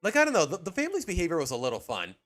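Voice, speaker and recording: Racing along in a high, somewhat bright voice with huge pitch swings, a man from Mexico streams live over soft music. He ranks cartoon episodes, rambling opinionatedly and often cutting himself off mid-sentence.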